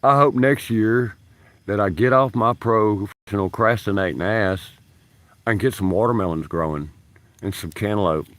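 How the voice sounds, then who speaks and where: A man's voice: on the low side, moderate pace. A man rambling through stories on a livestream from his backyard, swearing and laughing as he talks. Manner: profane, laughing, drawling. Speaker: livestream host, union stagehand. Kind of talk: rambling casual storytelling. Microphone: phone camera set down nearby.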